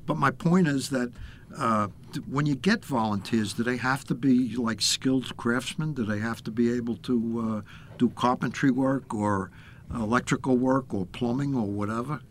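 A man's voice: medium pitch, normal speed, slight background noise. An older man hosting a talk show, chatting casually and repeating words as he thinks. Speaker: host.

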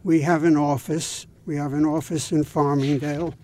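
A man speaking as a guest on an interview, explaining things in a measured, patient way. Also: on the high side, level tone, mellow, slight background noise. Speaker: guest from a home repair volunteer group. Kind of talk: interview answers.

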